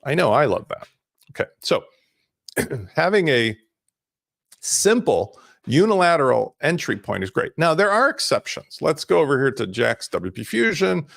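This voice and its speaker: A middle-aged man hosts a live business webinar with a slightly high, gravelly voice. His pitch swings a lot as he jumps energetically from one example to the next. The sound is dry and close, with no room echo. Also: normal speed. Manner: energetic, conversational, jumps between examples and screen-sharing. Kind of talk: casual live webinar teaching.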